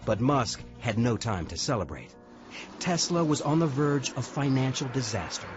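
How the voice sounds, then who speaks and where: A man reading scripted documentary narration in a measured, dramatic way. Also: mid-range voice, animated. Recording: dull lo-fi audio over music.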